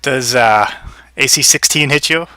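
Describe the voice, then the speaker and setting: A man's voice: medium pitch, measured pace, sharp tone, clear, resonant tone, dry recording. A man narrating as game master in a tabletop game, easygoing and hesitant, with many fillers.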